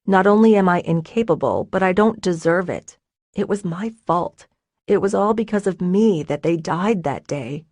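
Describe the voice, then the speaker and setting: A woman reading a troubled, withdrawn young man in an audiobook, speaking quietly and bitterly. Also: lowish voice, normal speed, no room sound, lightly acted. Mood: anguished. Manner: bitter, self-blaming, quiet. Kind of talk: audiobook character voice.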